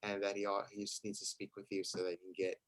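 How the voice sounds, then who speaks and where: A man in a networking group role-playing a referral call, speaking in a friendly, steady way with slight hesitations. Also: on the low side, fast, no room sound.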